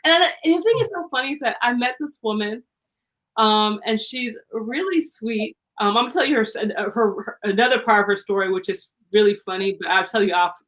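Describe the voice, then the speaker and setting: A high, bright woman talking in a loose, lively conversational way. She tells stories with plenty of likes, restarts and bursts of laughter, speaking as a casual interview guest. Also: a little fast. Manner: animated storyteller, many likes and restarts, laughs often. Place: lives on the East Coast, away from LA.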